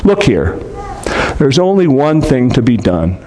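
A man's voice: medium pitch, big pitch swings, measured pace, mellow, slight background noise. A man reading a storybook aloud, voicing a bold English schoolboy who gives urgent commands. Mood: decisive.

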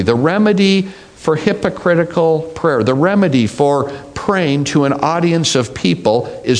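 A middle-aged man delivers a sermon at an unhurried pace. His voice sits a little high for a man, and he speaks with deliberate, measured emphasis. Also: animated. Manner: slow, deliberate preaching with mimicked voices. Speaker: pastor.

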